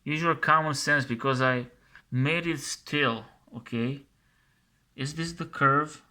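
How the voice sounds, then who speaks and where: A man's voice: fairly high pitch, slow, sharp tone. A man commenting scornfully over a video he plays, mocking and scolding its makers and often repeating himself.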